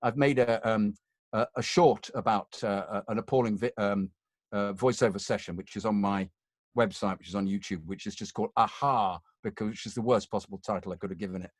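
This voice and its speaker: A man's voice: lowish voice, fairly even intonation, fairly quick, no echo, clean studio sound. A middle-aged British man, a voiceover artist, telling chatty, self-mocking anecdotes and acting out the lines he quotes. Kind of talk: conversational anecdotes.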